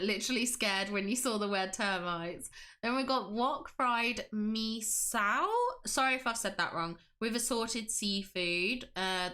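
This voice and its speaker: A woman's voice: medium pitch, bright, forceful tone. A woman hosting a casual livestream, gushing with enthusiasm and reading chat aloud. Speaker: livestream host.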